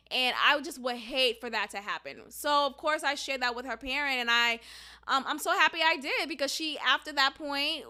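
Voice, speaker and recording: A woman's voice: high-pitched, sharp tone. A woman hosting a podcast, a teacher giving her candid, outspoken opinions in casual chat, with many fillers. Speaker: podcast host.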